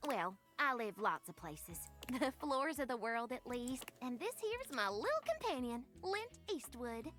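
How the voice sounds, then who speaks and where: A woman's voice: on the high side, very animated, measured pace, fairly bright tone, soft background music. A woman voicing an easygoing female dust bunny in a video game, with a drawling Southern accent and a habit of saying honey. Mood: folksy. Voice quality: drawling, calls everyone honey.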